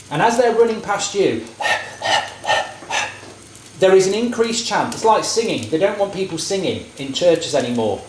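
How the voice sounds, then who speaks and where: A man's voice: fairly high pitch, a little hiss or hum. Rambling, jokey man in an echoey kitchen. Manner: rambling, jokey, opinionated rants. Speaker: vlogger cooking on camera. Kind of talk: casual chat while cooking. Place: home kitchen. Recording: echoey kitchen with frying sizzle. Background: frying and sizzling.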